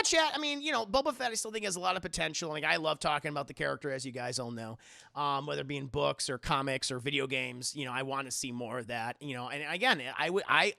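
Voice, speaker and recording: A man hosting a livestream in a casual, excitable way, swearing freely and laughing often. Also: a little high, gravelly, dry recording, clean studio sound. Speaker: livestream host.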